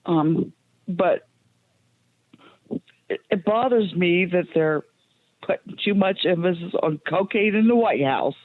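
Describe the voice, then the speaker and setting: Slow, emotional woman caller on a phone. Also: on the low side, no echo. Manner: emotional, plain-spoken, many ums. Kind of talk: call-in radio chat. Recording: tinny phone line.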